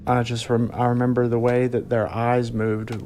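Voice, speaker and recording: A man telling a frightening personal experience in a halting way, often restarting his sentences. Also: medium pitch, completely flat delivery, dark tone, a little hiss or hum. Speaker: eyewitness telling his story. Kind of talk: personal storytelling.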